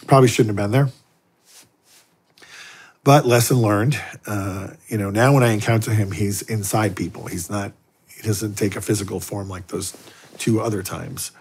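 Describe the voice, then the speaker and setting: A man's voice: on the low side, moderate pace, a little hiss or hum. A middle-aged man, a Catholic priest, telling stories in a long interview and acting out the dialogue as he goes. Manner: animated anecdotes, acting out dialogue. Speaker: guest, Catholic priest and exorcist. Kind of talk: storytelling in a long-form interview.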